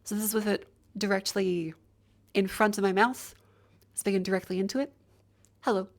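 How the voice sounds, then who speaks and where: A chatty woman streamer talks her way through a microphone test with a handheld mic, moving it nearer and farther from her mouth. Her voice sits at an ordinary middle pitch for a woman, and she narrates each step casually, as if to a live chat. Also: steady tone, moderate pace. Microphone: handheld mic moved to different distances.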